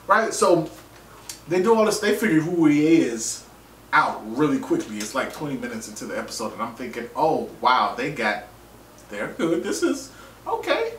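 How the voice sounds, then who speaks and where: Animated man joking in a roomy space. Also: mid-range voice, a little hiss or hum. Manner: animated, joking, profane, acts out quotes. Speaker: vlogger reviewing a TV episode. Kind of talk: casual commentary recap. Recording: roomy, distant mic, faint ambience.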